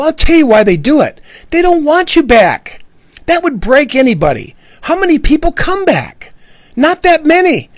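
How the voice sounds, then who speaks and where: Middle-aged man, high pitch, passionate repetitive monologue. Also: no echo. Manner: earnest, repetitive, acts out quoted voices. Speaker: ex-Jehovah's Witness speaking out. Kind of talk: impassioned monologue.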